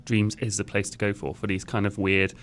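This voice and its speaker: Male dev guest, lowish voice, lively anecdotes. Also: fairly quick. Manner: animated storyteller, laughs easily. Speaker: game developer guest. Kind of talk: casual chat.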